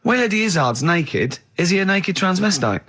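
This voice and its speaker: A man's voice: sits high, big pitch swings, moderate pace, fairly bright tone, breathy edge. A man hosting a radio show in a studio, chatting casually and telling anecdotes with frequent laughter.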